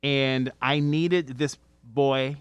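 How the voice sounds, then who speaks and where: A man's voice: mid-range voice, extremely slow, dull audio. A middle-aged man telling a workplace story in a casual, profane way, swearing freely and acting out what he said in anger. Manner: animated, swears freely, acts out angry quotes. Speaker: podcast guest, restaurant veteran.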